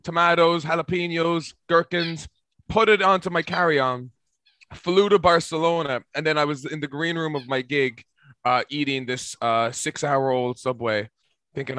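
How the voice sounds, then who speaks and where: Bright, dry-voiced Irish man. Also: on the high side, normal speed, clear, resonant tone, no echo. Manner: deadpan mock-serious storytelling. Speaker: comedian guest. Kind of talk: casual podcast chat.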